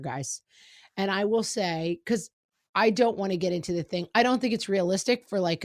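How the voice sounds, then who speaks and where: A woman's voice: mid-range voice, dry recording, clean studio sound. A middle-aged woman co-hosting a parenting podcast in casual chat, often acting out exchanges with her kids. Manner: chatty, acts out quoted exchanges with her kids. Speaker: podcast co-host.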